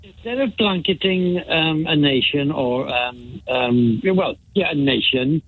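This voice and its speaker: A man calling in to a talk show, talking haltingly with many restarts. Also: fairly high pitch, expressive. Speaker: caller. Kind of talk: phone-in chat. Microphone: phone. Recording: tinny phone line.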